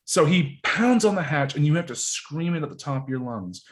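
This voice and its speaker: Profane, animated male podcast guest. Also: a little high, normal speed. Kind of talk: casual podcast chat, storytelling.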